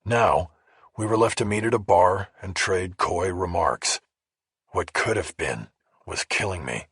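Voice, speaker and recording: Audiobook: deep, husky man reading first-person crime narration. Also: measured pace, a bit bright, dry recording, clean studio sound.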